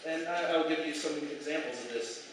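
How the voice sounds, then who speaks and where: A young man performing an animated, profane stand-up set in a small club, acting out quoted dialogue. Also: fairly high pitch, brisk. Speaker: stand-up comedian. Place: small comedy club stage. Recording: echoey, distant, noisy club recording.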